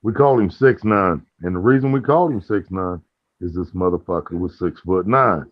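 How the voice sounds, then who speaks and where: A man hosting a casual chat, telling profane stories and acting out the other people's lines in a higher voice. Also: moderate pace, no echo. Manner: profane, acts out quoted dialogue in a higher voice. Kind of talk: casual storytelling. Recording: dull lo-fi sound.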